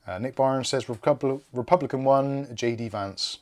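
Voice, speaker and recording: A man's voice: medium pitch, normal speed, a little mellow. A man hosting a live PC build stream, chatting casually and reading out viewer comments while he works. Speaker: tech channel host.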